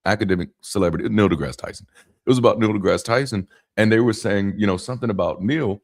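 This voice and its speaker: Low-voiced man in an animated monologue. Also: fast talker. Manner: animated, talking with rhythmic emphasis; frequent restarts and asides. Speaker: YouTube commentator. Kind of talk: casual spoken monologue.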